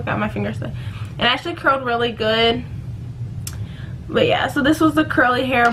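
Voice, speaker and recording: A woman's voice: fairly high pitch, pushed and bright, slight background noise, rough recording. A young woman chatting casually to her channel in a rambling, self-correcting way. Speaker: vlogger. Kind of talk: casual giveaway vlog.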